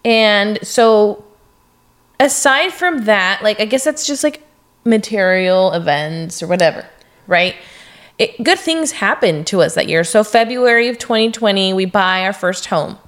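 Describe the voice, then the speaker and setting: A woman's voice: mid-range voice, lively intonation, measured pace. A young woman co-hosting a podcast, talking casually and working through her thoughts with fillers and follow-up questions. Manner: chatty, asks follow-up questions, talks things through with fillers. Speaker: podcast co-host. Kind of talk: casual chat.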